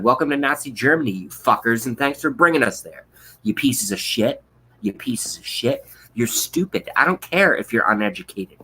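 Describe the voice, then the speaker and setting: Profane ranting man, bright voice. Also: mid-range voice, breathy edge, low-quality recording. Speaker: livestream host. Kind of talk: angry political rant on a livestream.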